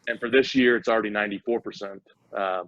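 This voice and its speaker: A man's voice: lowish voice, fairly even intonation, quick pace, fairly bright tone, no room sound. A man speaking as a startup CEO guest in a casual interview, eager and explaining at length with frequent restarts. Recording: dull, dry lo-fi audio.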